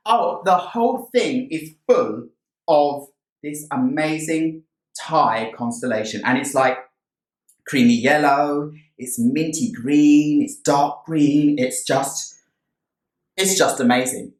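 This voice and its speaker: A man vlogging about a plant he bought, gushing and excited as he tells the story and shows it off. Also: medium pitch, measured pace. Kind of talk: casual haul video. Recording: roomy sound from a distant mic.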